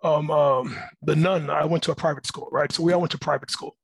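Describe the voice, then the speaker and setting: A middle-aged man being interviewed, telling personal stories in a lively way and acting out the voices of people in them. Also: on the high side, a little fast, gravelly, slightly rough, no echo, rough recording. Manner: animated, acts out voices in his stories. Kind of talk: personal storytelling.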